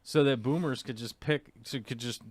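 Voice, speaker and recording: A man hosting a casual live talk show, rambling and animated with mocking asides. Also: mid-range voice, normal speed, no room sound. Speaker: podcast host.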